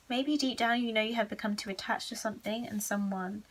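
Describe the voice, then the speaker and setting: A woman's voice: mid-range voice, steady tone, brisk, low-quality recording. A woman giving a casual pick-a-card tarot reading at home, chatty, candid and self-mocking.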